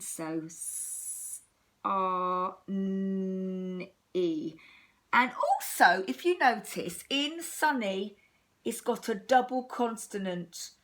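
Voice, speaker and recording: An English woman teaching young children a phonics lesson, slow, sing-song and encouraging, stretching words out. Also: medium pitch, fairly bright tone. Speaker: primary school teacher.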